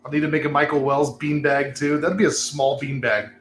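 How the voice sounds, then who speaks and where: A man's voice: a little high, little pitch movement, fairly quick, roomy sound, slight background noise. A man hosting a casual chat show from a cigar lounge, rambling, laughing and swearing as he talks. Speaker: host.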